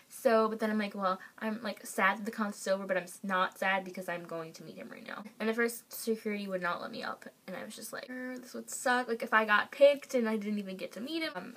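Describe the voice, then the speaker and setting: Excitable young woman telling a story. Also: mid-range voice. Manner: excitable, gushing, many fillers. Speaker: vlogger. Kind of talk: casual storytelling to camera.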